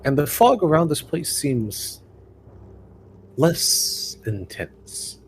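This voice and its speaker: A man narrating as game master in a tabletop game, describing scenes slowly with fillers. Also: a little high, very animated, slight background noise.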